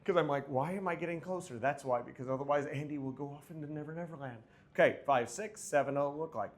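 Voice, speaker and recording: A man's voice: on the high side, brisk. A man teaching a dance class with a microphone on, chatty and joking as he counts out the steps. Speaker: dance instructor. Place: dance studio. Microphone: wearing a microphone.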